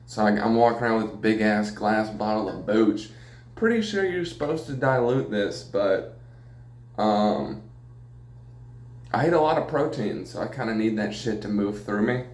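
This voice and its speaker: A man's voice: fairly low pitch, moderate pace, darkish tone. A man hosting a solo podcast, rambling casually and profanely with plenty of jokes and laughs. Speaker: podcast host. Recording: echoey room.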